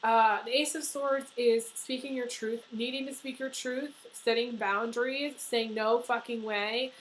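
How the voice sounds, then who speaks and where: Woman, tarot reader, earnest, emotional, rambling restarts, slightly high voice. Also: fairly even intonation, measured pace, a little hiss or hum, low-quality recording. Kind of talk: tarot horoscope reading to camera.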